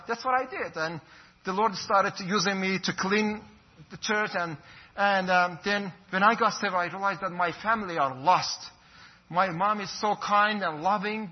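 A man from Iran, a pastor giving an earnest, fervent personal testimony. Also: high voice. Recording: dull lo-fi recording.

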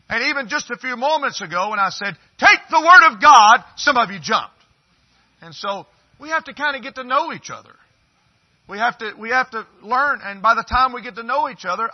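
A man in his fifties preaching as a visiting pastor in a church, folksy and joking with the congregation. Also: high-pitched. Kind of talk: sermon. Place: church sanctuary. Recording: dull lo-fi sermon recording.

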